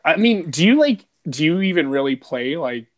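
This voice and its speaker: A man's voice: fairly high pitch, very animated, moderate pace. A man co-hosting a podcast in casual chat, rambling and profane, with lots of "dude" and "like". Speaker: podcast co-host.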